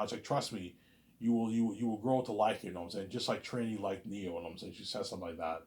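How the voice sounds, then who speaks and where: A man rambling to camera as he pitches a movie plot, repeating himself and acting out characters' lines in sudden loud bursts. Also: fast talker. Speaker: vlogger pitching a movie idea. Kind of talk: rambling casual monologue to camera.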